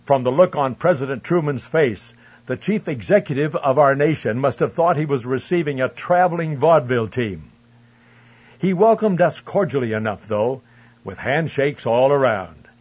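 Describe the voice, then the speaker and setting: A man reading a first-person memoir aloud in a measured, earnest storytelling manner. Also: mid-range voice, lively intonation, darkish tone, breathy edge, highs cut off. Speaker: narrator. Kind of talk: scripted memoir narration.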